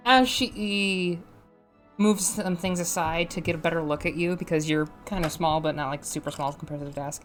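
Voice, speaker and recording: A woman running a tabletop game as game master, lively and quick to laugh. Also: lowish voice, faint music behind. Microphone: streaming mic.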